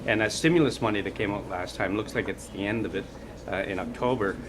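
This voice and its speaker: A mayor, a man with a low voice, speaks quietly and haltingly over loud background noise. His words come slowly, with short pauses.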